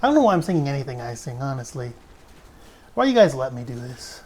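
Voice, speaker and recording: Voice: medium pitch, very animated, quick pace, darkish tone. Rambling, swearing game streamer. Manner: rambling, profane and self-mocking. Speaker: let's play streamer. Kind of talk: casual gameplay commentary.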